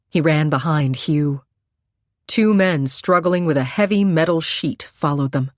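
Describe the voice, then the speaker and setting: A woman's voice: low-pitched, fairly even intonation, a little slow, darkish tone, no echo, studio quality. A woman narrating a suspense audiobook in a tense, dramatic reading.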